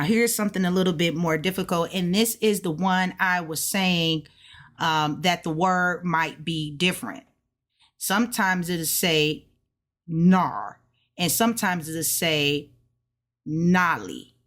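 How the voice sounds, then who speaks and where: Woman, low voice, very slow, repeats syllables to practice tones, self-study lesson. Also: a bit bright. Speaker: language learner sharing practice.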